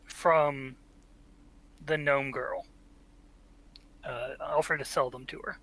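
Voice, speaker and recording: A man's voice: medium pitch, fairly even intonation, slow pace, creaky, fairly bright tone, low-quality recording. A man playing a tabletop game in casual chat, explaining rules plainly. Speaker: player.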